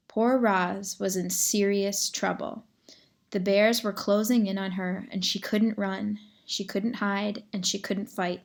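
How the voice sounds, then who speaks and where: A woman reads a children's novel aloud in a clear, steady storytelling voice. Her pitch sits in the middle, and she keeps an even narrator's pace. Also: slow.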